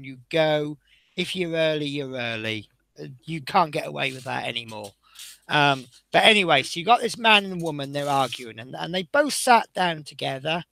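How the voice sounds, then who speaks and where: Fields. Sex: man. Role: streamer. Style: casual anecdotal chat. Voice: gravelly, somewhat high. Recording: dry. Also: sharp tone, no room sound. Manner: chatty anecdotal storyteller, reads out chat. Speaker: streamer building a model bus.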